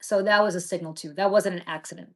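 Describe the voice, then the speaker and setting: A woman's voice: on the low side, steady tone, fast. A middle-aged woman hosting a political talk show, talking with passion and indignation and often restarting her sentences. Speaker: podcast host.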